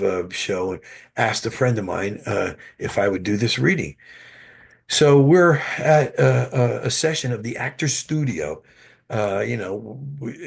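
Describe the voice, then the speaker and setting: Gravelly-voiced man telling actor anecdotes. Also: lowish voice. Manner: animated anecdotes with frequent restarts. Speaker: actor guest. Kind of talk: interview storytelling.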